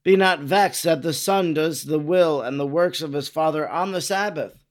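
A man reading the lines of an earnest male healer who rebukes his critics in slow, solemn questions. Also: fairly high pitch, close to an everyday voice. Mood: admonishing. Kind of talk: dramatic reading of dialogue.

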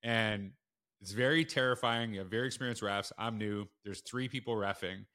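A man speaking as a podcast guest, recounting his own stories in a casual, animated way. His voice is bright and forceful. He leaps up in pitch when he acts out the people he is quoting. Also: normal speed. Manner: animated, acts out quotes with big jumps in pitch. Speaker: school principal and guest. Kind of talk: casual storytelling in a podcast interview.

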